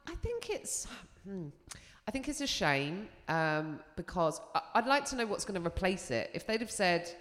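A woman comedian with a London accent, telling lively, swear-laced anecdotes on a live talk show. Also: medium pitch, moderate pace, hardly any pauses. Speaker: comedian guest. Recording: long hall reverb.

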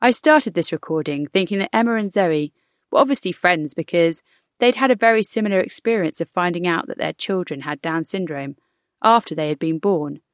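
A woman presenter reading scripted narration in a clear, even way. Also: on the low side, a little fast, no echo, studio quality.

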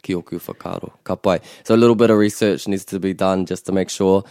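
Kiwi male tutor, low mellow voice, patient explainer, dry studio sound. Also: steady tone, quick pace, vocal fry, dry recording. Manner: patient explaining, switches into Māori phrases. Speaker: language teacher. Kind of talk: relaxed podcast lesson.

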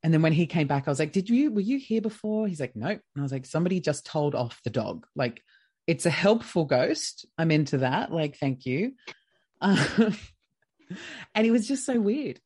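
A woman's voice: sits low, normal speed, breathy edge. A woman with an Australian accent, a podcast guest telling a personal story casually and acting out what each person said. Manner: lively, acts out quoted dialogue.

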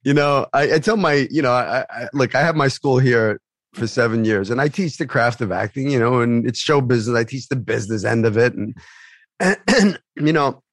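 A man's voice: mid-range voice, normal speed, no room sound, studio quality. A male host who teaches acting, chatting casually and rambling with lots of fillers. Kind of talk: casual chat.

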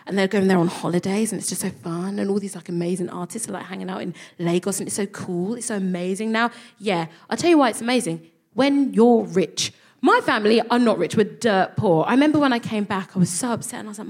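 A woman with a London accent performs a stand-up set in front of a live crowd. Her voice is husky and slightly rough, sitting at a middle pitch. She tells her story with animation and keeps slipping into the voices of the people in it. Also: expressive, a little fast. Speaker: comedian co-host. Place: live theatre with audience.

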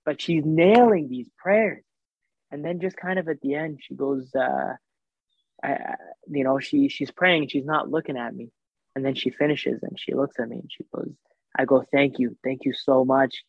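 A man casually recounting a personal story, acting out the dialogue in an animated way and using plenty of fillers. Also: medium pitch, normal speed, breathy edge, no echo. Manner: animated retelling with reported dialogue, many fillers. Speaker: guest telling a personal story. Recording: thin phone-like dry sound.

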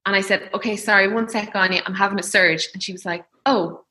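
Chatty Irish woman, bright voice. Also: medium pitch, fairly even intonation, fast talker. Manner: chatty, laughs often, acts out quoted voices. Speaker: mother telling her birth story. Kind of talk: casual storytelling chat.

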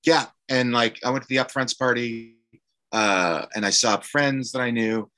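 A man, an actor, telling a candid personal story in conversation, halting and emotional with many fillers and restarts. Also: medium pitch, fairly even intonation, bright, forceful tone. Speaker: actor guest.

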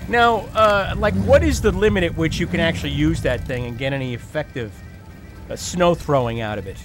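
A man's voice: a little high, a little fast, music in the background. Chatty jokey male podcast host. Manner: chatty, jokey, with many fillers and restarts. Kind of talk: casual chat.

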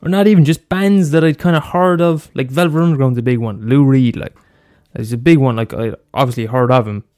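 A man's voice: medium pitch, a little fast, few pauses, a little mellow. A man hosting a solo podcast, rambling casually with lots of swearing, fillers and restarts. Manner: loose and profane, many fillers and restarts. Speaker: podcast host.

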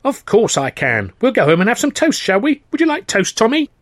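A man voicing an excitable older seaside father who talks in urgent, conspiratorial bursts and jumps into high, fussy tones. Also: a little fast, creaky, dry recording, clean studio sound, full character voice. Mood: jovial, fussy.

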